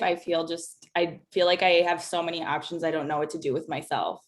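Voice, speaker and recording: A woman hosting a casual podcast chat with her friends, upbeat and quick to laugh. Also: on the low side, fairly bright tone. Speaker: podcast host.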